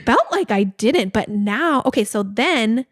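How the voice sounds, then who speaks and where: A woman in her forties, co-hosting a podcast and telling a story in a casual, animated way full of "like.". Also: fairly high pitch, measured pace, no room sound, clean studio sound. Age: 40s. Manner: animated storytelling, many "like" fillers. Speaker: podcast co-host. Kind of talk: casual chat.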